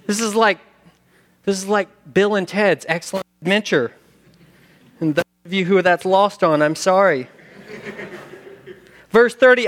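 Male preacher, somewhat high voice, lively sermon delivery with dramatized quotes. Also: measured pace, pauses often. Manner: animated, acts out quotes, sings hymn lines. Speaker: pastor.

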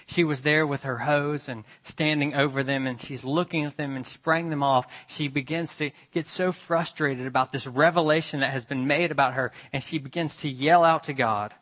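A man's voice: fairly high pitch, fairly even intonation, moderate pace, few pauses, fairly bright tone. A man preaching a sermon, emphatic and repetitive, pressing his listeners with rhetorical questions.

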